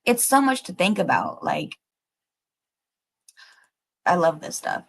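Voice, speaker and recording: A woman's voice: on the low side, takes it slowly. Rambling, swearing woman streamer. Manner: rambling, many fillers, swears freely; excitable, thinks aloud. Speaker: livestream host. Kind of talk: casual livestream chat with viewers.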